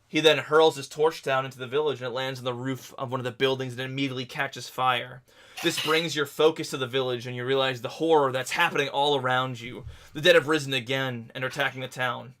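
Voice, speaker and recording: A man narrating a tabletop game as game master, telling the scene in a halting, descriptive way. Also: mid-range voice, steady tone, a bit bright, slight background noise.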